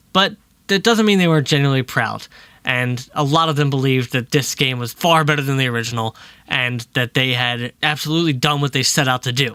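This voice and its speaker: A man in his thirties, a podcast co-host, chatting casually and telling animated stories with plenty of swearing. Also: on the high side, clean tone, dry recording. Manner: animated, swears a lot, tells vivid stories. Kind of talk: casual chat.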